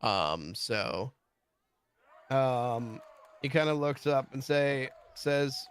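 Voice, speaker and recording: A man narrating as game master of a tabletop role-play game, relaxed and unhurried. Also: medium pitch, clear, resonant tone.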